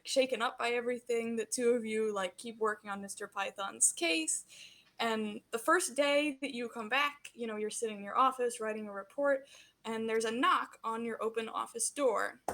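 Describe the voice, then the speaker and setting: Bright, high-voiced woman game master. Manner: casual narration with fillers. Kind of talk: narrating a tabletop game.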